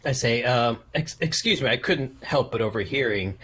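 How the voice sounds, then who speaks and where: A man's voice: medium pitch, moderate pace, fairly bright tone, slightly rough. A man voicing a polite, overly formal cafe owner in a tabletop game. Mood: courteous.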